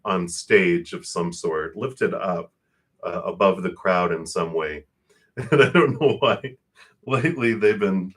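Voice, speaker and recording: A man giving live tarot card readings to viewers, talking quickly and warmly about spirit and energy, often laughing and calling himself out of breath. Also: low voice.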